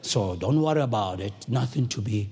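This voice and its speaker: A man doing a deep-voiced soothing airline pilot. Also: animated, moderate pace, mellow, slightly rough, faint music behind. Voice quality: deep, wide voice. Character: calm airline captain, older man, deep reassuring voice.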